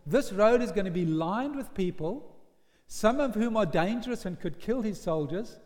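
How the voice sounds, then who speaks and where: High-voiced preacher in an echoing church. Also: male voice, normal speed. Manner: animated storytelling, acts out voices. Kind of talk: sermon. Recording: long church hall reverb.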